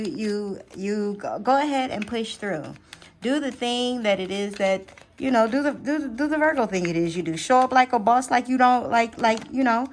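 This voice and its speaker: A woman giving a casual, unedited tarot reading to camera. She chats directly to her viewers, often checks in with "okay?", and her pitch and loudness swing widely as she talks. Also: slight background noise. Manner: chatty, animated, addresses viewers directly with frequent "okay?". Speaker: tarot reader.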